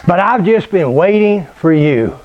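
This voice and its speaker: A man voicing his kind, knowing old grandmother in a spoken story, softly and patiently. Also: sits high, animated, a little slow, no room sound, lo-fi sound. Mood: gentle.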